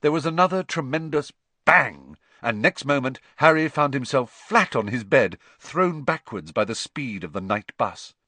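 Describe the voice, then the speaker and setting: A man narrating an audiobook in an expressive storytelling manner. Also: mid-range voice, normal speed, no room sound.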